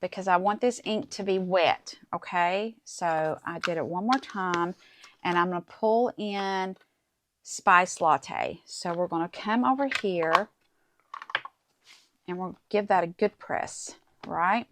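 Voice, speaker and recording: A woman's voice: lowish voice, takes it slowly, a little hiss or hum. A middle-aged woman hosting a casual crafting tutorial at her desk, chatting to viewers as she works. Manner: chatty, talks to viewers while working, says "guys" and "okay?". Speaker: crafting channel host.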